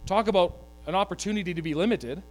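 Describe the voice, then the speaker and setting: A pastor with a high voice delivers a lively sermon at a quick pace, animated and full of joking asides. He calls on the congregation to repeat lines back to him. A steady mains hum sits in the background.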